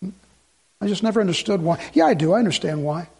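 A man preaching a sermon as pastor, swinging between loud urgency and hushed pleading. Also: high voice, lively intonation, quick pace, gravelly, slightly rough.

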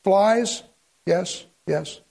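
A man's voice: high-pitched, very slow, vocal fry, darkish tone. A man preaching a sermon to a congregation in a folksy, rambling way with joking asides. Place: church in front of a congregation.

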